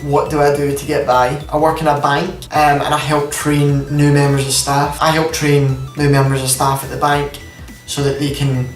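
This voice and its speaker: A man's voice: fairly high pitch, roomy sound, distant mic, rough recording. A man in his twenties with a Scottish accent, chatting casually through a Q&A vlog from home with lots of fillers. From Scotland. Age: 20s. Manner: chatty, rambling, many fillers. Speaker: YouTube gaming channel host. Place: room at home at night. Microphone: camera on tripod.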